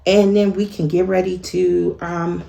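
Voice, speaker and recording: A woman's voice: lowish voice, flat delivery, a little slow, gravelly, mellow. A woman giving a chatty sewing tutorial to her viewers, laughing at herself as she works. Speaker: sewing instructor. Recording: echoey room with faint ambient noise.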